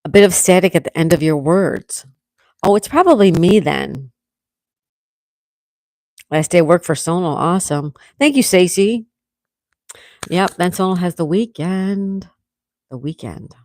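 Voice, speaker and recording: Woman, congested, low voice, dry close sound, casual livestream chat. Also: unhurried, long pauses, dry recording. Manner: relaxed, chatty, laughs often. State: congested, coughing. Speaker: livestream host. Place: at home.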